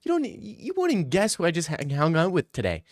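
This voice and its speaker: A man's voice: on the high side, wildly swooping pitch, fairly quick, no room sound, clean studio sound, pitched above the performer's own voice. A man putting on a gushing young girlfriend. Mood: excited.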